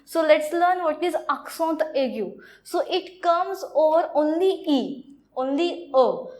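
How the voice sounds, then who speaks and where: A woman with an Indian accent teaches a language lesson in a high voice. She speaks slowly and halts often, repeating phrases as she explains each point. The delivery is plain classroom lecturing. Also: expressive, a little mellow. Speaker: French teacher.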